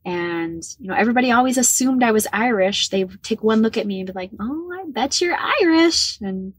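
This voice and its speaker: A Midwestern American woman in her forties, guesting on a podcast, candidly shares her personal story and repeats herself when emotions rise. Her mid-range voice is husky and quick, in a dry recording.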